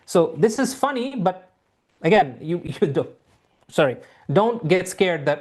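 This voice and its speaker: During an online lesson, an IELTS teacher walks students through the material at a middling pitch. His or her delivery is very animated yet a little slow and somewhat mellow, repetitive and reassuring, with lots of ums and restarts.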